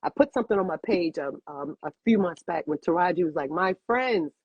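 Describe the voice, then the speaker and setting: A woman in her fifties tells her story with feeling, leaning on repeated phrases. Her voice is husky and dry, and the recording sounds a little dull. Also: lowish voice, brisk, no room sound. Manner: expressive, repeats phrases for emphasis. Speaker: cigar bar owner and guest. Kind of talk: emotional personal storytelling.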